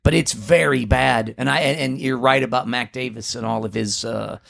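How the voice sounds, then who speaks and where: A man co-hosting a music podcast in casual chat, halting and stumbling over his words with frequent laughs. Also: mid-range voice, fairly even intonation, creaky, a bit bright. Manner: halting, restarts often, laughs a lot. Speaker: podcast co-host.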